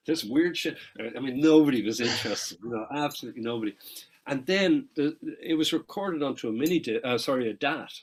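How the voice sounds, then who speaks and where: Husky middle-aged Irish man telling stories. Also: mid-range voice, low-quality recording. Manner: animated anecdotes, quick asides and frequent swearing. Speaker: guest musician. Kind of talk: casual interview storytelling.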